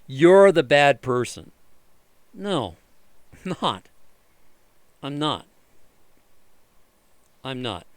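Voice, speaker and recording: A man's voice: fairly bright tone, clean tone, dry recording. A man ranting in frustration while fixing his computer, sarcastic and swearing freely. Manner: exasperated, sarcastic, swears freely, mocks others in shrill voices. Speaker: vlogger doing computer repair. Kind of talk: frustrated ranting commentary over screen recording.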